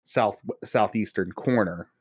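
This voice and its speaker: A man's voice: fairly low pitch, unhurried, darkish tone, husky, no room sound, clean studio sound. Chatty man from southwestern Pennsylvania. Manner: rambling, laughs often, chatty asides. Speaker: podcast co-host. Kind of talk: casual chat.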